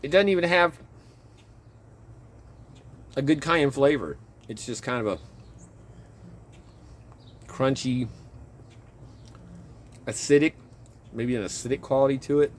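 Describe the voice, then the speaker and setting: A man casually chatting in his garden outdoors, rambling and chuckling as he talks, with a relaxed, self-interrupting way of speaking. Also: mid-range voice, takes it slowly, long pauses. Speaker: vlogger and home gardener.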